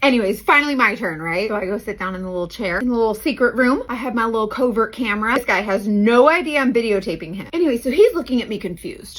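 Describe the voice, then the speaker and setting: Fast-talking, high-voiced woman telling stories. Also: rough recording. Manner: animated, sassy, slangy asides to the listener. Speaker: private investigator and beauty content host. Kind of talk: casual comedic storytelling.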